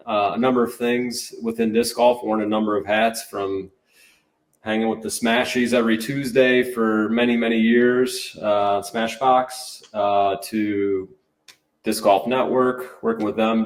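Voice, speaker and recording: A man speaking as a podcast guest over a video call, relaxed and joking. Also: on the low side, echoey room. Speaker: guest, disc golf brand manager. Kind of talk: casual podcast chat.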